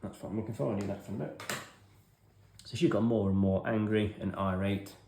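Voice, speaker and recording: A man's voice: fairly low pitch, steady tone, fairly quick, warm tone, roomy sound, slight background noise. An English man in his forties telling a rambling, self-deprecating story while tidying his hobby room. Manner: self-deprecating, wry, chatty. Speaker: hobby vlogger.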